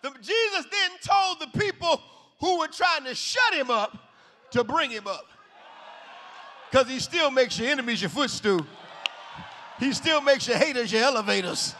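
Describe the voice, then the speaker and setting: A man preaching a shouted revival sermon in a large church, hollering in a rhythmic call-and-response style. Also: very high-pitched, animated, normal speed, pauses often, a faint crowd, slight background noise. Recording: echoey hall reverb.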